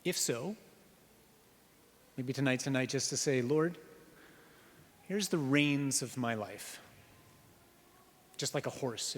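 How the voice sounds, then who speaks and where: A priest giving an earnest sermon, slowing down on key phrases and asking the listeners rhetorical questions. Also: male voice, medium pitch, a bit bright. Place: church. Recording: reverberant church hall.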